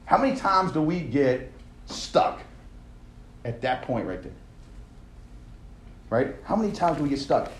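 A man's voice: a little high, big pitch swings, unhurried, long pauses. Echoey man preaching with casual punch. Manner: conversational, tags lines with "right?"; building intensity with repeated phrases. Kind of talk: sermon. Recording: echoey room sound.

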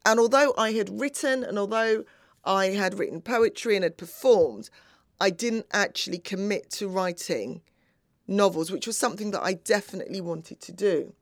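Sex: woman. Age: middle-aged. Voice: gravelly. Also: mid-range voice, moderate pace, no room sound, clean studio sound. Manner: earnest, acts out remembered dialogue. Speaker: speaker. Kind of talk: personal storytelling talk.

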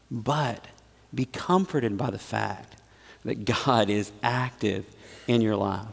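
A male pastor with a gravelly, creaky edge to his voice delivers a sermon, rising to loud emphatic peaks and dropping to hushed, low asides. His words ring out with a long reverb, as if spoken in a large church sanctuary. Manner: preaching with big swings between loud emphasis and quiet asides.

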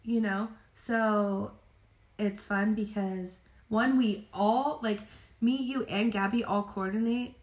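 A woman's voice: medium pitch, steady tone. A young adult woman co-hosting a podcast, chatting casually with lots of "like" and frequent laughter. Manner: chatty, drawn-out "like" fillers, laughs often. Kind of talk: casual chat. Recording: echoey room.

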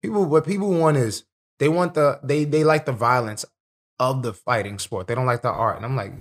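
A man's voice: mid-range voice, normal speed. A young man, a professional fighter, telling fight stories in a casual podcast chat, streetwise and profane. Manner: streetwise, profane, animated storytelling.

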